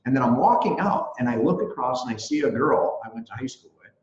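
A man chatting as a guest on a podcast, telling stories in an excitable, emphatic, self-mocking way. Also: medium pitch, fast talker. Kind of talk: animated storytelling chat. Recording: echoey room, dull sound.

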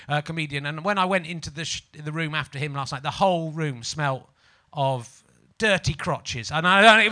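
A man's voice: high-pitched, sharp tone. A man with a Yorkshire accent hosting a live comedy podcast, rambling, swearing and teasing the audience. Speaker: stand-up comedian and podcast host.

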